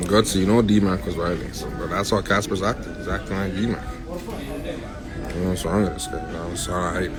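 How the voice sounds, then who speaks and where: A man's voice: low voice, moderate pace, over music. A man ranting and taunting on a phone livestream, breaking into sing-song chants. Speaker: rapper on a livestream. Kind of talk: rowdy livestream rant.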